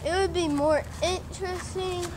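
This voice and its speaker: A woman's voice: extremely high pitch, steady tone, moderate pace. A teenage girl rambling casually through a tour of her home, with distracted asides, recorded on a handheld phone. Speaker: vlogger. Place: house, walking through rooms and outdoors. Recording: noisy home video.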